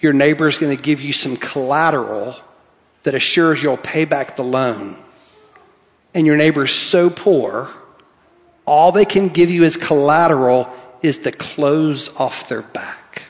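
A pastor preaching a sermon, reading scripture aloud and swinging from soft, quiet lines to emphatic ones. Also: male voice, fairly high pitch, a little slow. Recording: long hall reverb.

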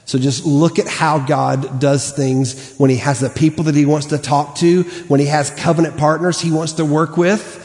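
A man's voice: on the high side, flat delivery, normal speed, hardly any pauses, darkish tone, faint music behind. Man preaching in a reverberant hall. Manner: emphatic, repetitive, reads scripture aloud. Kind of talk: sermon. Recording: long reverb of a large hall.

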